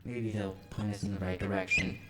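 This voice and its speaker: A man voicing a small melancholy robot companion, reading its lines in a flat, earnest robot voice. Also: deep voice, a little fast, loud music behind the voice, natural voice, poor audio. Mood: determined.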